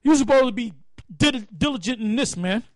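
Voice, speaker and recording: Brief: man with an extremely high voice, salty forum speaker, dry close sound. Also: fairly quick, no echo. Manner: profane, animated storyteller acting out quotes. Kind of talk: casual open-forum talk.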